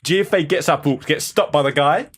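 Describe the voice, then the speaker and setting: A man's voice: a little high, a little fast, very noisy. A young man co-hosting a podcast, telling holiday stories in sweary casual chat with lots of restarts. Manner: lively, sweary storytelling with many restarts. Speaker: podcast co-host.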